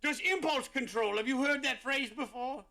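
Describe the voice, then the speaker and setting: A man's voice: extremely high pitch, normal speed, gravelly, sharp tone, low-quality recording. A man narrating a tabletop game as game master, rambling with many fillers. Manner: rambling, filler-heavy, laughing often.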